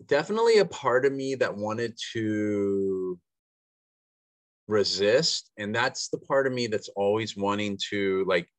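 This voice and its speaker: A man's voice: on the low side, lively intonation, measured pace, no room sound. A middle-aged man in a coaching session, talking in a rambling, self-searching way with many restarts. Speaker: coaching client. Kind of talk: casual reflective conversation. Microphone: video call.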